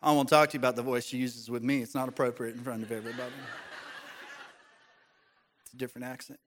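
A man preaching a sermon as pastor, animated and joking, putting on voices to make his points. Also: medium pitch, fast talker, slight background noise. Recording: long hall reverb.

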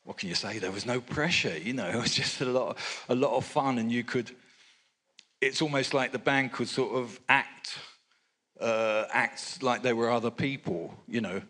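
A man's voice: medium pitch, normal speed, sharp tone. An older man from England, a record producer telling rambling, anecdotal stories in a live interview with chuckles.

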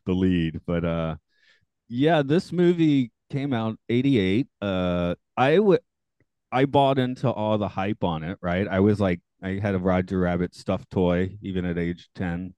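Low-voiced man chatting with quick laughs. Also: warm tone, dry recording. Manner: laughs often, rambling with restarts. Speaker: podcast host. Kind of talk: casual chat.

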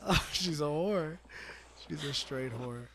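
A man co-hosting a podcast in casual chat, crude and animated, swearing often. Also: fairly high pitch, slow, a crowd in the background. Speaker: podcast co-host.

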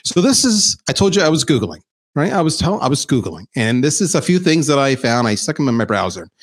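A man's voice: medium pitch, very animated, a little fast. A man presenting slides in an informal, emphatic business talk, speaking as a chief revenue officer.

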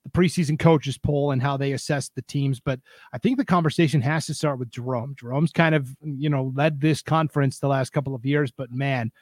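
A young adult man hosting a casual high school sports podcast, upbeat and joking with his co-host. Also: fairly even intonation, brisk, a little mellow, no room sound.

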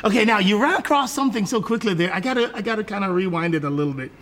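Male podcast host, slightly high voice, encouraging and chatty, faint hiss. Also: lively intonation, rapid-fire, fairly bright tone. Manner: affirming, frequent mm-hmms and praise. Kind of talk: interview hosting.

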